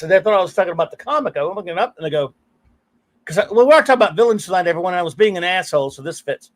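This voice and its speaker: A middle-aged man hosts a casual live stream, winding through long anecdotes. His voice sits high for a man. He curses freely and breaks into laughs between stories. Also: expressive, very fast. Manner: rambling storyteller, curses freely, laughs often. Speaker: podcast host.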